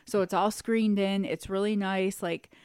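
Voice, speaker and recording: A woman co-hosting a podcast in casual chat, telling a story with lively energy and acting out quotes in high squeals. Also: unhurried, clean tone, dry recording, studio quality. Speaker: podcast co-host.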